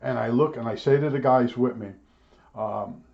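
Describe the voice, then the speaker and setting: An older man rambles through stories in a blunt, grumbling tone, often stopping to restart his sentences. His voice sits at an ordinary male pitch. The home video audio sounds dull and lo-fi. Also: moderate pace, creaky. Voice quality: blunt, grumbling, repeats himself with frequent restarts. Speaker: electronics repairman vlogger. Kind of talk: rambling storytelling rant.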